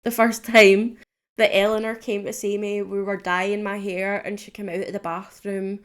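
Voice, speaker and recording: A woman's voice: mid-range voice, flat delivery, normal speed. A young woman hosting a solo podcast, talking candidly and rambling a little, laughing often and swearing casually. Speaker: podcast host.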